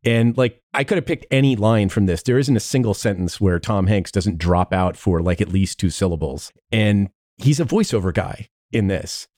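Sarcastic guy on a podcast, lowish dark voice, dry close sound. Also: animated, moderate pace, few pauses, no echo. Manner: sardonic, laughing asides. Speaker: podcast co-host. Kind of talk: casual chat.

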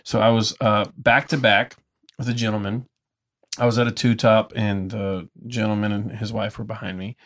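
A man's voice: lowish voice, level tone, moderate pace, a bit bright. A man who owns a brewery tour business, telling stories with enthusiasm in a casual conversation and acting out the dialogue. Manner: enthusiastic storyteller, acts out dialogue.

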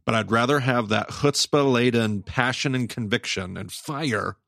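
A man co-hosting a podcast in casual chat, animated and quick to exclaim. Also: mid-range voice, vocal fry, no echo, clean studio sound. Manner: animated, exclaims, quotes himself. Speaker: podcast co-host and teacher.

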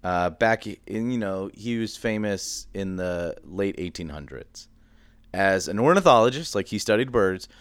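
A young man co-hosting a casual podcast, explaining things at length in a chatty, animated way. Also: on the low side, unhurried, clear, resonant tone, dry recording. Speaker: podcast co-host. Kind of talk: casual chat.

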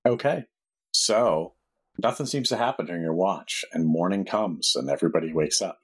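A man's voice: deep voice, moderate pace, slightly rough. A man running a tabletop role-playing session as game master, narrating in an easygoing, matter-of-fact way.

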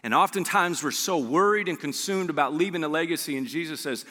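A male pastor preaching a sermon, animated, his voice leaping up for emphasis and acting out the people in his stories. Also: a little high, a little fast, few pauses. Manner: acts out quoted dialogue. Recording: long hall reverb.

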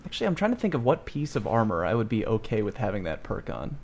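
A man from Brooklyn co-hosting a gaming podcast, with a smooth voice and a playful, joking manner. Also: lowish voice, fast, a little hiss or hum. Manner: playful, lively, jokes around. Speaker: podcast co-host. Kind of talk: casual gaming chat.

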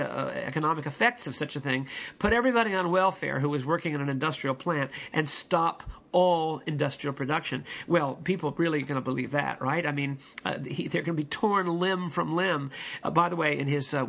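A man's voice: fairly high pitch, gravelly, bright, forceful tone. A man preaching a rambling, digressive sermon with many fillers, restarts and folksy asides. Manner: folksy pop-culture asides.

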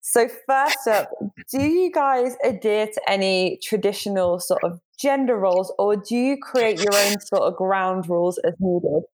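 A woman's voice: medium pitch, unhurried, darkish tone, low-quality recording. A woman reads audience questions in a mid-range voice. Faint noise and clicks sit under her voice. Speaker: question reader.

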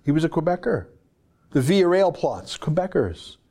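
A male commentary host gives a heated opinion monologue. He is sarcastic and emphatic, and his slightly high voice rises and falls dramatically. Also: big pitch swings, moderate pace, mellow.

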